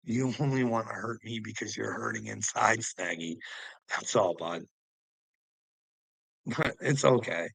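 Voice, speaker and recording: Male vlogger, gravelly and bright-edged, preachy and taunting, rambling monologue, dry close mic. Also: lowish voice, unhurried, pauses often, no echo, poor audio. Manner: preachy and taunting, jumps between topics, laughs to himself. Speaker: vlogger answering commenters. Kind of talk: casual rambling monologue to viewers.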